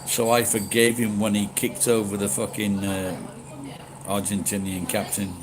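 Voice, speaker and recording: Rambling middle-aged Yorkshireman, noisy room. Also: fairly low pitch. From Yorkshire, England. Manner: rambling, halting, swears casually; talks slowly and deliberately. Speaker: livestream host. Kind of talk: casual livestream chat. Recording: steady background noise.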